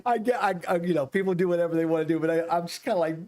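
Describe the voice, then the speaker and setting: Male streamer host, somewhat high voice, stop-start casual talk, restarts his sentences often. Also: a little mellow. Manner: halting, repeats words, reads chat aloud. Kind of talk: casual livestream chat.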